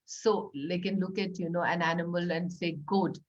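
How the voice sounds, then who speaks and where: Indian english lady, middle-aged teacher, explains phonics games to parents, keen and slowing to model words, slightly muffled audio. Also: fairly low pitch, little pitch movement. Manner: warm, enthusiastic, slows down to model words and sentences. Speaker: early-years educator and author. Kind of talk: talk for parents.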